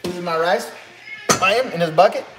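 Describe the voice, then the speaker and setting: A man with a Cajun Louisiana accent that blends in a New Orleans twang talks loosely to his live cooking viewers. His voice sits a little high for a man. He rambles and restarts his sentences, filling the gaps with easy asides. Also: a little fast, over music. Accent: Louisiana Cajun, mixed with New Orleans. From Louisiana, USA. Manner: rambling, chatty, many restarts and fillers. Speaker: cooking livestream host. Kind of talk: casual chat on a livestream.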